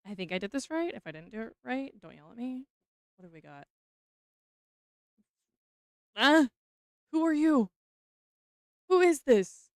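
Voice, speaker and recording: A young woman streaming as she opens trading cards, talking casually, mumbling nervous asides and breaking into excited squeals. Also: sits high, moderate pace, pauses often, smooth, dry recording, studio quality. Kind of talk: casual card-opening stream chat.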